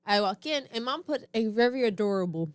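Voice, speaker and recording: A young woman chatting on a podcast, her pitch rising and falling in animated swings as she jumps into quoted voices. Her voice sits a little high and comes across dry and close, with no room sound. She laughs easily as she tells the story. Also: a little fast, clean tone, no room sound. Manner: laughs often. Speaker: podcast co-host. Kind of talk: casual storytelling chat.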